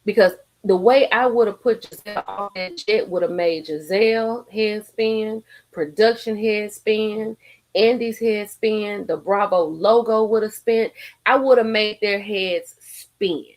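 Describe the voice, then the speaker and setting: A woman hosting a live stream, ranting in a sassy, profane, animated way with frequent laughter, a little tipsy from drinking. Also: mid-range voice, measured pace. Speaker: livestream host. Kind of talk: casual live-stream commentary.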